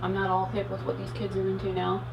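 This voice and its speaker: A woman talks her way through a makeup routine in chatty, rambling vlog style, with frank asides along the way. Her voice sits at an ordinary middle pitch. She is heard from a bit off the mic, in a room with noticeable echo. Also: monotone, fast, noisy background. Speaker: beauty vlogger. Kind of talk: casual chat while doing makeup. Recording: roomy echo, speaking from a distance to the mic.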